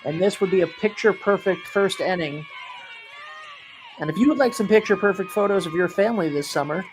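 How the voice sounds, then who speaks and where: Brief: male play-by-play caller, high voice, joking and excitable, faint outdoor noise behind. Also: brisk. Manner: chatty, jokey, bursts loud on big plays. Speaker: play-by-play announcer. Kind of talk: live sports commentary with sponsor reads.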